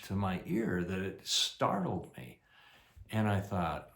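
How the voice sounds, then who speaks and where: A man's voice: sits low, animated, slow, creaky, a bit bright. An older man casually telling a rambling, self-deprecating personal story, full of fillers. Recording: echoey room.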